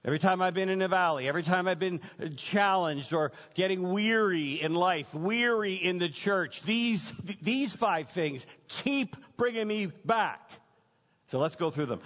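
A man preaching a sermon as pastor, emphatic, building points through repetition and dramatic pauses. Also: high voice, expressive, fairly bright tone. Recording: dull lo-fi sound with long hall reverb.

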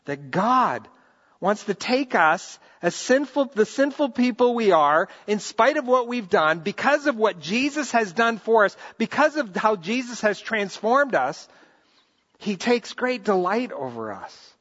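Middle-aged male pastor, bright high delivery, animated and earnest, dull recording in a reverberant hall. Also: a little slow. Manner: earnest, animated preaching with repeated restarts. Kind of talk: sermon. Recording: reverberant hall, muffled lo-fi sound.

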